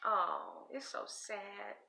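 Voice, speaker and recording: A woman's voice: medium pitch, drawn-out words, vocal fry, bright, forceful tone. A woman reading tarot cards in a casual vlog, rambling, blunt and swearing freely. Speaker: tarot reader.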